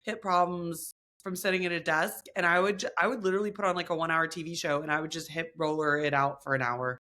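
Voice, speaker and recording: A young woman with a deep voice co-hosts a podcast, chatting casually at a quick pace. She tells stories in an animated way, acting out other people's lines.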